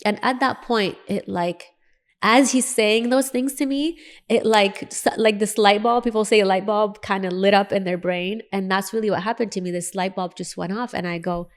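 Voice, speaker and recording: A woman's voice: mid-range voice, fairly even intonation, normal speed. A woman in her forties, a dentist, telling a personal story in an interview and acting out the dialogue as she goes. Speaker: guest, dentist.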